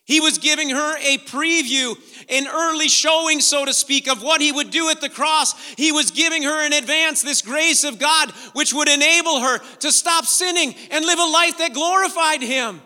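A man pastor preaching a sermon, swinging from hushed, slow passages to loud, emphatic ones. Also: extremely high pitch, in a large hall.

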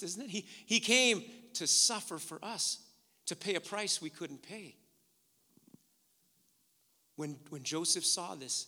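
A man preaching a sermon, swinging from loud, urgent delivery to hushed near-whispers. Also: sits high, in a large hall.

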